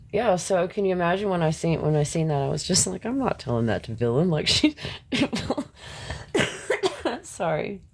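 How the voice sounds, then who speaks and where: A man's voice: a little high, lively intonation, a little fast, vocal fry, a little mellow. A man hosting a live stream, ranting bluntly and confrontationally at his viewers, swearing freely and laughing between points. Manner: talks back to chat, laughs between points.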